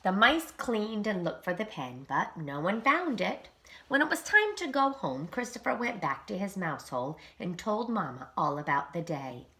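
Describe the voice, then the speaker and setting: A woman, a preschool teacher, reading a children's storybook aloud in an expressive, animated way. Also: medium pitch, normal speed.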